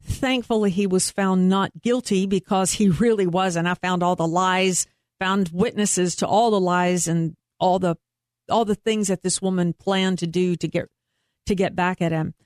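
A woman's voice: on the low side, steady tone, normal speed, a little mellow, dry recording, studio quality. A woman working as a private investigator, talking earnestly and emphatically as a guest in an interview. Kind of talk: interview conversation.

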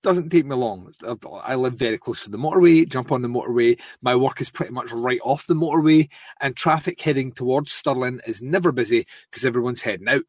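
A Scottish man on a podcast spins a rambling story, swearing freely and slipping into mocking impressions of friends. His voice sits at a middle pitch and sounds close and dry. It comes across as casual chat between regular co-hosts. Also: fairly quick, no room sound. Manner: animated storyteller, swears freely, mimics others. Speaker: podcast co-host.

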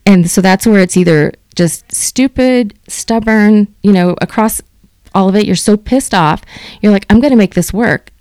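A woman's voice: mid-range voice, moderate pace, dry recording. A middle-aged woman chatting as an interview guest, telling stories animatedly and acting out what people said. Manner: animated storyteller, acts out quoted dialogue. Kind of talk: casual interview chat.

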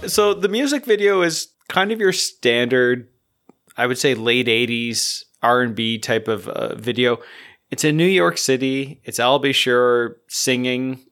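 A man's voice: mid-range voice, measured pace, a bit bright, soft background music. A man from Canada co-hosting a podcast in casual chat, talking loosely with lots of fillers. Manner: chatty, frequent "like" fillers. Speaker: podcast co-host.

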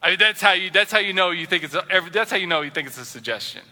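A man preaching a sermon as a pastor, animated and acting out the voices he quotes. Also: high-pitched, rapid-fire, big-room sound. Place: church sanctuary.

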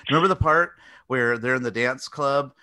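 A man co-hosting a relaxed hobby podcast, telling movie stories with a lot of energy. His voice is bright and forward, and he keeps breaking into acted-out lines and laughter. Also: medium pitch, normal speed, no room sound. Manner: animated storyteller who acts out scenes with squeals and laughs. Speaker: podcast co-host. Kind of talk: casual chat about movies.

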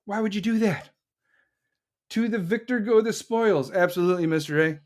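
A high-pitched man speaking at a moderate pace hosts a solo political podcast. His rant is angry, profane and combative, and he answers live listeners along the way.

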